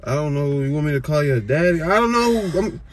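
A man's voice: a little high, lively intonation, brisk, slight background noise. A flustered young man who keeps repeating himself in a frantic, casual way. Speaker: boyfriend in prank video.

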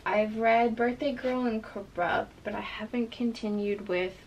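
A woman's voice: fairly high pitch, fairly even intonation, measured pace, highs cut off, a little hiss or hum. A woman chatting casually and enthusiastically about her books as she sorts a shelf, easily sidetracked. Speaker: book vlogger. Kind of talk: casual chat. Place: bedroom with a running fan.

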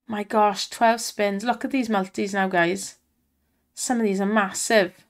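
An excitable woman commenting on slot spins and cheering the reels on, her voice strained from shouting. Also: mid-range voice, measured pace. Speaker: slot streamer.

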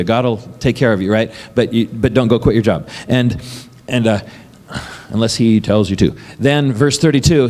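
A man preaches a sermon as pastor, talking conversationally and tossing questions to the congregation. He laughs often between points. His voice sits at a middle pitch and rings with a long reverb in the church hall. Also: darkish tone.

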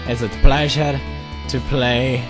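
A young man commenting on a video game in an excitable way, often laughing, swearing and shouting. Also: mid-range voice, slow, music in the background. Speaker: gaming video host. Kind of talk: let's play commentary.

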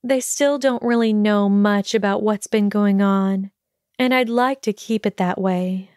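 A woman voicing an earnest, weary young witch student in a storybook reading, speaking quickly and pleadingly. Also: mid-range voice, a little mellow, no room sound, clean studio sound, close to an everyday voice.

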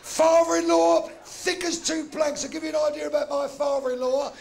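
A man's voice: extremely high pitch, flat delivery, normal speed, vocal fry, music in the background. A man doing a live stand-up routine, telling blunt, crude jokes. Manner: blunt, crude punchline delivery with swearing. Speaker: stand-up comedian. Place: live club stage.

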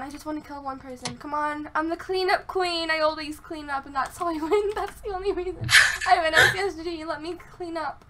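A young woman hosting casual gameplay chat, excitable, swinging from mumbling to shouting. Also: high-pitched. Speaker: gaming channel host. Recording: keyboard clicks and typing noise.

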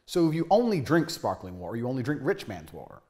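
A man's voice: medium pitch, sing-song, fast talker, darkish tone. A man giving a boastful, profane monologue to camera with a brash, swaggering manner. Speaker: man filmed talking about his lifestyle.

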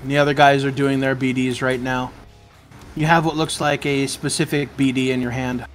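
A man narrating as game master in a tabletop game, slow and measured. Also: mid-range voice, little pitch movement, faint music behind.

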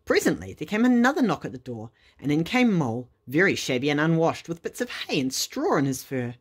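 Expressive woman reading a bedtime story. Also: sits low, a little fast, hardly any pauses, breathy edge.

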